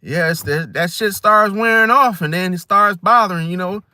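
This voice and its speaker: A man talking casually to his viewers in a rambling, slang-heavy monologue, animated and swearing freely. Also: high voice, normal speed, dry recording, studio quality. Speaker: astrology vlogger.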